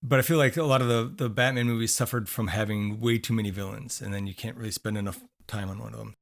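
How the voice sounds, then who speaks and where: A man's voice: on the low side, fairly even intonation, quick pace, creaky. A man co-hosting a podcast in casual chat, rambling with fillers while losing his voice. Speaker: podcast co-host.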